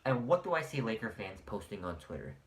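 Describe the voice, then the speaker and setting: A man's voice: fairly low pitch, sing-song, a little fast, echoey room. A man ranting in a heated, sarcastic and profane sports vlog, mocking fans of a basketball team. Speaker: sports commentator.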